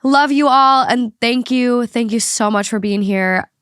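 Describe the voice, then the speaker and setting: A woman's voice: on the high side, unhurried, a bit bright, smooth, no room sound, studio quality. A woman hosting a podcast in casual chat, congested and stuffy, talking emotionally and swearing casually. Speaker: podcast host.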